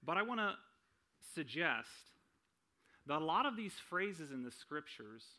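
Bright-voiced man preaching conversationally. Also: a little high, very animated, unhurried. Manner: conversational, frequent "right?" tag questions; self-deprecating humor. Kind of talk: sermon.

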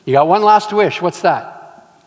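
A man's voice: sits high, measured pace. A man telling a joke and speaking as a male genie in a breezy, matter-of-fact way. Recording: long hall reverb.

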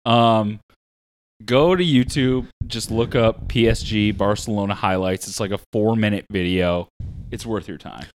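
A man's voice: lowish voice, unhurried. A man co-hosting a podcast, explaining a sports match step by step in laid-back casual chat. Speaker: podcast co-host.

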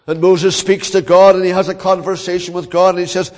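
An older man with a Northern Irish accent preaching a sermon as a pastor, telling stories earnestly with dramatic pauses. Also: sits high, level tone, a little mellow, big-room sound.

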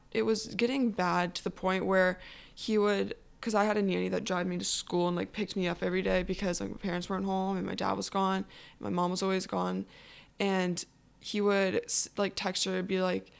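A teenage girl telling her own personal story in a halting way, full of fillers. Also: mid-range voice, little pitch movement, vocal fry, clean tone. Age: teens. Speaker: anonymous guest.

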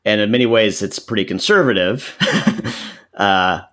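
Soft-spoken man, hesitant and thoughtful. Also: fairly low pitch, measured pace. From Texas. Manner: thoughtful, hesitant, many fillers and restarts. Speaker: guest. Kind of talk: casual interview conversation.

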